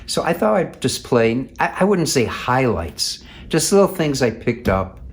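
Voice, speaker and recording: A man's voice: medium pitch, big pitch swings, a little slow, slight background noise. A man co-hosting a casual chat, playfully adding to a shared story and plugging an upcoming concert. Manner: playful, chatty, joins in on the story. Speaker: co-host and musician.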